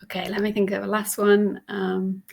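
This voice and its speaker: A woman's voice: medium pitch, flat delivery, moderate pace, gravelly. A woman working as a business English coach, explaining word meanings in a friendly way with plenty of fillers during a casual online discussion.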